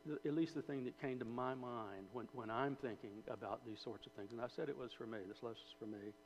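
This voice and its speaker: A man preaching a sermon in a conversational way, asking his listeners questions and often repeating and restarting phrases. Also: mid-range voice. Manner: conversational, asks the audience, repeats words and restarts. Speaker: preacher or Bible teacher. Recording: dull hall recording with faint hum.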